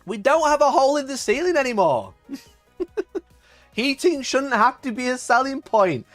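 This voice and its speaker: A man's voice: very high-pitched, very animated, measured pace, dry recording, soft background music. A man hosting a live stream, chatting casually, swearing often, laughing and reading chat aloud while ranting in mock outrage. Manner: mock outrage, voice jumps up when worked up. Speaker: livestream host.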